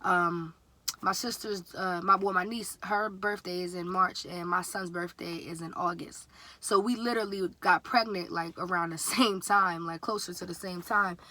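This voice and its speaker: A young woman in her twenties telling a casual storytime vlog, chatty and animated, slipping into a higher voice when quoting her dad. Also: normal speed, no room sound. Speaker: vlogger.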